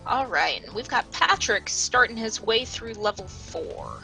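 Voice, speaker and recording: A woman from the northwestern United States commentating a game race, giving steady, informative play-by-play. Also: on the high side, unhurried, vocal fry, soft background music, low-quality recording. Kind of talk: casual speedrun commentary.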